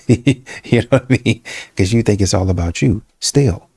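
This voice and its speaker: A dating commentary host delivers blunt, preachy relationship advice directly to his viewers, calling them "y'all" in a casual monologue. His low, creaky voice is warm with a breathy edge, unhurried, and recorded at studio quality without echo.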